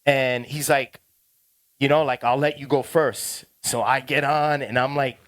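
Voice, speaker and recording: A middle-aged man tells a story to a DJ workshop class, loose and slangy. His voice sits mid-range. He grows loud and animated as he goes. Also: medium pitch, a little slow. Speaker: DJ teaching a workshop.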